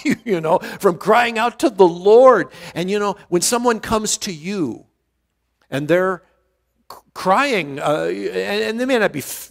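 A man's voice: sits high, vocal fry, in a large hall. A male pastor teaching a verse-by-verse Bible study in an earnest way, often restarting words and stressing key phrases.

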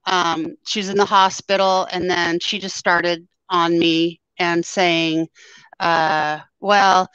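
A woman guest telling a personal story in a halting way, full of ums, her voice scratchy after surgery. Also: fairly low pitch, little pitch movement, fairly bright tone, smooth, no room sound. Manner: halting, with many ums and pauses. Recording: dull, lo-fi sound.

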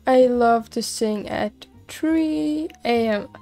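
Woman voicing a pushy frog songstress for a cute game, chirpy, a bit high, faint game music behind. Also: slow, dark tone. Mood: cheerful. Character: female frog singer, cheerful and pushy. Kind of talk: reading game dialogue aloud.

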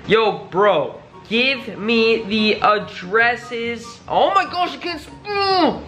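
A male vlogger talks in a hyper, dramatic style, his pitch leaping around with every exclamation. His voice is bright and sharp, and faint music plays behind him. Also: big pitch swings, slow, few pauses. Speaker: YouTube host. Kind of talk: excited reaction vlog.

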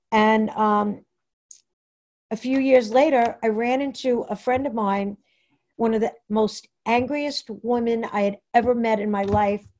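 A woman from Long Island telling her own recovery story at an online meeting, halting and rambling with many fillers and restarts. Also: fairly high pitch, a little mellow. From New York, Long Island. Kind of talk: personal share at a Zoom meeting. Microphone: computer mic on a video call.

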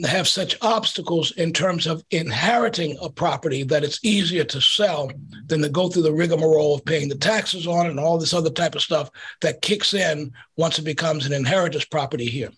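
A middle-aged man, a pastor and community organizer, telling stories in an animated way in an interview. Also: fairly high pitch, moderate pace, breathy edge. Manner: animated storyteller, acts out quotes. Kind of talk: storytelling in an interview.

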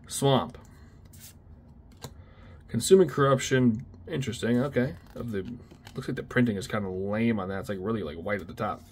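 A young man casually talking through a card unboxing, excitable and slangy, often exclaiming at what he pulls. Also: mid-range voice, slight background noise. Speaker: card opening video host.

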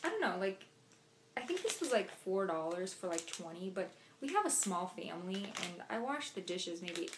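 A woman's voice: mid-range voice, very animated, moderate pace, noisy background. A young woman chatting casually through a shopping haul, talking to camera with lots of "like" and "um". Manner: chatty, filler-heavy. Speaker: vlogger.

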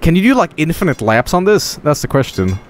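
A man streaming a video game with casual commentary, profane and excitable, often cracking up laughing. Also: a little high, brisk, slight background noise.

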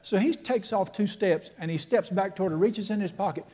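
Preacher in his sixties, slightly high voice, folksy and emphatic storytelling sermon. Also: fairly quick, warm tone. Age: 60s. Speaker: pastor.

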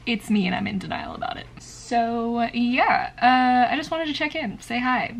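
A woman's voice: on the high side, lively intonation, moderate pace, creaky, few pauses, slight background noise. A woman chatting casually in a home vlog about books and her day, using lots of "like". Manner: chatty, filler-heavy, lots of "like". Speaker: book vlogger.

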